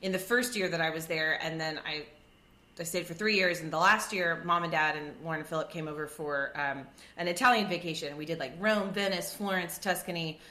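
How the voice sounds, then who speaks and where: A woman chatting casually as a guest, telling a lively story. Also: low-pitched, fairly quick. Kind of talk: casual chat. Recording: roomy echo.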